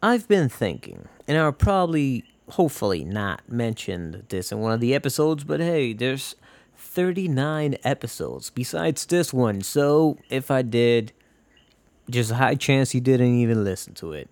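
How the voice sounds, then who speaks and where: A man's voice: mid-range voice, sing-song, measured pace, darkish tone, no echo. A man hosting a casual solo podcast, rambling from tangent to tangent, swearing and joking. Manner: rambling, profane, jokey. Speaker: podcast host.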